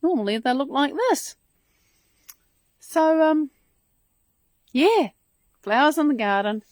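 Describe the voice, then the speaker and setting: Woman, fairly high voice, enthusiastic rambling chat, live-stream host, dry phone sound outdoors. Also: animated, slow, a little mellow, dry recording. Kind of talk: casual garden tour on a live stream. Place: outdoors in her front garden.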